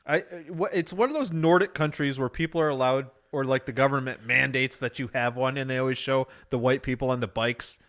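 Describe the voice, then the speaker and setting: A man's voice: mid-range voice, fairly even intonation, brisk, hardly any pauses, fairly bright tone. A man co-hosting a casual podcast, ranting in a profane, jokey, rambling way. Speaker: podcast co-host. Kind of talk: casual chat.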